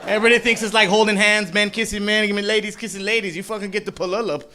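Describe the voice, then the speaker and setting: High bright-voiced man doing stand-up. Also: fairly even intonation, quick pace, some chatter behind. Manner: loose, profane, rambling with frequent "like" fillers; shouts mock voices of angry people. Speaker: stand-up comedian. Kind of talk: live stand-up comedy set. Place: comedy club stage. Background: audience laughter.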